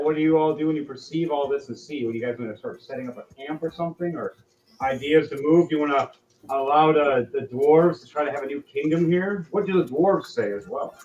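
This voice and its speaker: A man narrating as game master in a relaxed, chuckling way. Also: on the high side. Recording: distant, dull roomy mic.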